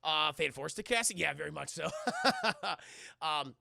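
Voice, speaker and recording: Brief: crude, rambling young male streamer, high-voiced and very gravelly, bright, dry. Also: sing-song, measured pace, no echo. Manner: crude, joking, rambling, talks to chat. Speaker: streamer reviewing a TV episode. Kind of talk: casual livestream recap.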